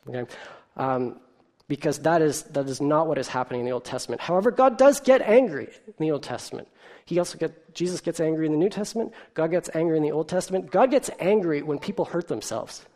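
Pastor preaching, middle-pitched voice, asks the room questions, tells it like a story. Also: fast talker. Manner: animated storytelling with rhetorical questions and filler ums. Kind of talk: sermon.

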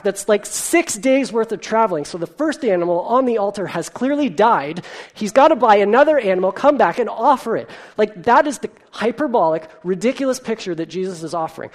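A pastor delivering a sermon in a lively storytelling way. The voice sits in a middle pitch. The delivery leans on rhetorical questions and the odd "um.". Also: normal speed. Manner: animated storytelling with rhetorical questions and filler ums.

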